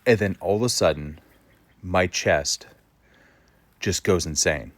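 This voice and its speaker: A man's voice: sits low, takes it slowly, no echo. A man vlogging to the camera, telling a story in a blunt, casual way and swearing freely.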